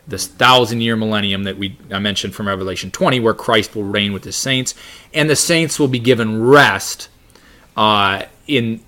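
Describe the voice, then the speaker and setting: A man teaches a Bible lesson in a plain, mid-pitched voice. He reads scripture aloud and explains it, with frequent restarts and fillers along the way. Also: fairly bright tone.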